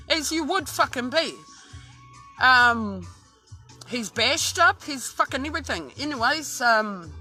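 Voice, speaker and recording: An Australian woman tells a true-crime story casually, swearing constantly and rambling with lots of restarts. Her voice is on the high side, bright and forceful.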